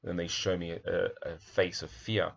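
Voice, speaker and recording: Low gravelly male teacher, lo-fi. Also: level tone, normal speed. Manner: thoughtful, admiring, asks himself questions aloud. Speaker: primary school teacher. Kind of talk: picture book analysis, talking through pages.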